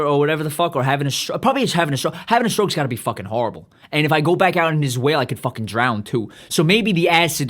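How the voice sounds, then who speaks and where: A man podcast host doing a rambling comedic monologue, swearing constantly and losing his train of thought. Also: fairly high pitch.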